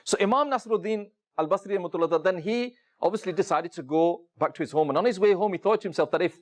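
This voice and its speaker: Preaching a sermon to a room of seated listeners, a man tells stories and addresses the audience directly with many rhetorical questions and frequent "you know" fillers. His voice sits high and he talks fast.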